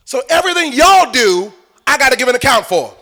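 A man preaching as a pastor, shouting and singing out phrases and acting out the voices of the people in his text. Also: extremely high pitch, very animated, a little fast. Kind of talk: sermon.

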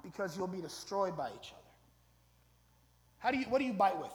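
A man preaching a sermon as pastor, chatty, with frequent "right?" tags and loud emphatic stretches. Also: high voice, expressive, a little fast. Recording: echoey hall, long reverb.

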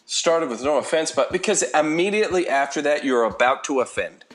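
A man's voice: on the high side, lively intonation, a little fast. A man in his forties co-hosting a casual podcast chat, easygoing and agreeable. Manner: easygoing, agreeable, laughs along. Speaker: podcast co-host.

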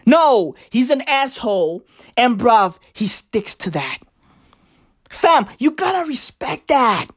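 A woman with a high voice delivers a stand-up rant at an unhurried, deliberate pace. She is profane and emphatic, and she keeps punching her points with slangy asides. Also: no room sound, studio quality. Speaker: comedian.

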